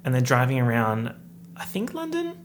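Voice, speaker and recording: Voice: medium pitch, wildly swooping pitch, moderate pace, a little hiss or hum. A movie reviewer giving a comedic rant in a sarcastic, exasperated manner, swearing freely.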